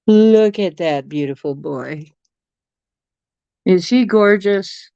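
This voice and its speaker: A livestream host chatting casually and at length, reading viewers' messages aloud and cooing softly at pets. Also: mid-range voice, lively intonation, takes it slowly, dry recording, highs cut off. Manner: rambling, chatty, reads chat aloud.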